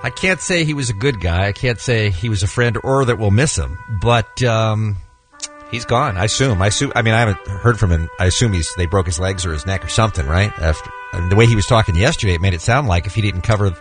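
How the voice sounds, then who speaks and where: A man co-hosting a morning radio show, joking and talking in a loose, animated way. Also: lowish voice, fast, over music. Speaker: radio co-host. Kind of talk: casual morning radio banter.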